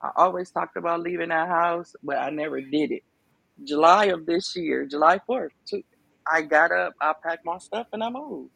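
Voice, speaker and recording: Gravelly-voiced woman telling her story. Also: lowish voice, moderate pace, a bit bright, no room sound. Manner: emphatic, conversational, lots of fillers. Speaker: podcast guest. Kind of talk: casual testimony.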